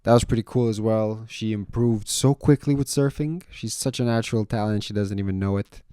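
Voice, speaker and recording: A laid-back young man talks straight to the camera, his voice low and mellow with a smooth, clear tone. He tells his stories loosely and swears freely, tossing in "man" and "you know" often. When he retells a story he gets loud and animated. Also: dry recording, studio quality. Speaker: vlogger. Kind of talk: casual storytelling monologue.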